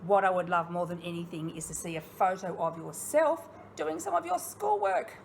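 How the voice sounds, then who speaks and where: A woman's voice: fairly low pitch, expressive, moderate pace, gravelly, a little hiss or hum. A woman with an Australian accent, a primary school teacher giving a recorded online lesson to young children. She asks questions and speaks encouragingly and expressively, straight to her pupils.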